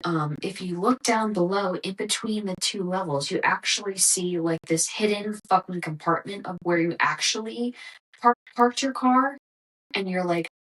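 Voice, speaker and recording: A woman's voice: medium pitch, moderate pace, a bit bright, poor audio. A young woman hosting a podcast, ranting in a casual, exasperated monologue full of swearing. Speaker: podcast host.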